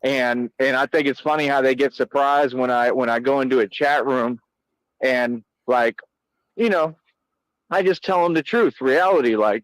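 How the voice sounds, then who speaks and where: A man ranting slowly and boastfully, repeating himself and speaking in casual slang. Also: medium pitch, no echo, low-quality recording. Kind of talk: boastful rant.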